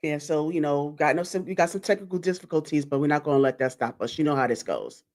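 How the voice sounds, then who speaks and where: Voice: mid-range voice, fast talker, a little mellow. An interview host speaking over a video call, encouraging the guest and filling in during technical trouble. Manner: encouraging, frequent affirmations. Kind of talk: casual interview.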